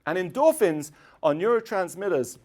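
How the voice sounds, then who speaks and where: A middle-aged man giving a chatty public lecture, often clearing his throat and filling pauses with um and uh. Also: high-pitched, sing-song, a little mellow. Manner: chatty, digressive, frequent throat clearing and fillers. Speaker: university lecturer. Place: lecture hall.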